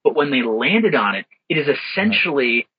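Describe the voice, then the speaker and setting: A man's voice: mid-range voice, very animated, normal speed, slightly rough. A man brainstorming names in a casual chat, thinking aloud and reading out definitions. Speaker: worldbuilding co-creator. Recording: dull lo-fi sound.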